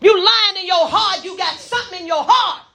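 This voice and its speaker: A woman's voice: very high-pitched, a little fast, vocal fry, pushed and bright, reverberant, distant mic. A woman preaching a sermon in short, punchy call-and-response bursts, playful and acting out little asides. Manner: playful, acts out asides and quotes.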